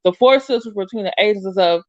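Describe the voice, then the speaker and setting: A woman's voice: mid-range voice, brisk, a little mellow, dry recording, dull audio. A woman giving blunt, emotional reaction commentary as she reads news aloud, swearing and talking back at it. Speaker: commentary youtuber.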